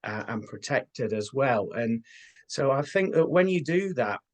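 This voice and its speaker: An earnest man of ordinary pitch, talking as a guest in an interview. He tells his experiences at an unhurried pace, with plenty of ums and uhs. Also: animated. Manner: earnest, unhurried storytelling with fillers. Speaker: guest, spiritual medium. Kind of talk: casual interview talk.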